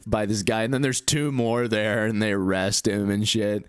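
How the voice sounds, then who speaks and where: A young man co-hosting a podcast, telling stories in a casual, animated way. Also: lowish voice, normal speed, clean tone, no room sound, clean studio sound. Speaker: podcast co-host. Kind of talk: casual chat.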